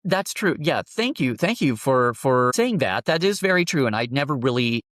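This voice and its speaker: A man as an interview guest, telling a heartfelt personal story in an earnest, halting way, often restarting his sentences. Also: mid-range voice, very animated, fairly bright tone, dry recording, clean studio sound.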